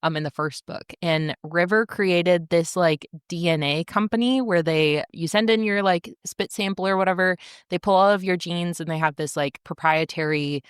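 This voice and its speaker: This woman's voice is on the low side, clear and resonant, with fairly even intonation and a moderate pace with hardly any pauses. As a podcast co-host she chats casually and enthusiastically, full of fillers, in a dry, clean studio recording.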